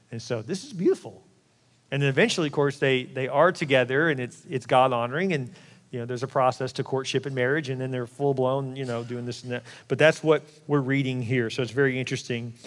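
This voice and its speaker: A man's voice: medium pitch, a little fast, long reverb tail. A man preaching as a pastor, candid and joking, who acts out the quoted voices of the people he talks about. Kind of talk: sermon.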